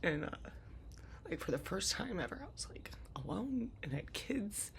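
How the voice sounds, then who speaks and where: A woman's voice: mid-range voice, sing-song, moderate pace, vocal fry, a little hiss or hum. A woman casually telling her own life story, rambling with many fillers and restarts.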